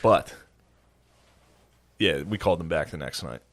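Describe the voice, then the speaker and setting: A man's voice: rumbling low, expressive, a little slow, a bit bright, no echo. A young man on a podcast, telling a profane story with lots of energy and acting out other people's voices. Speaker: podcast co-host. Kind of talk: casual storytelling chat.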